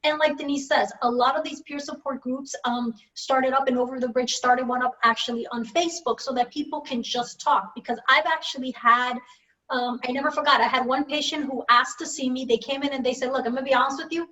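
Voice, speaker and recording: A woman with a high voice talks through a video call webinar, telling stories and acting out the lines of people she quotes. She sits some way from her mic. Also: a little fast, recorded from a distance, rough recording. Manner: animated storyteller, acts out quoted voices. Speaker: mental health professional. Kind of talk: webinar panel talk.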